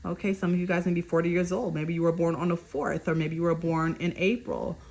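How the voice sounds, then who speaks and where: Casting: woman, lower voice, casual spiritual card reader, keeps asking "okay?". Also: fairly even intonation, brisk, darkish tone. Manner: repeats "okay?" to check in with viewers; stumbles over card meanings while reading them aloud. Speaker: tarot reader. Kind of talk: collective card reading.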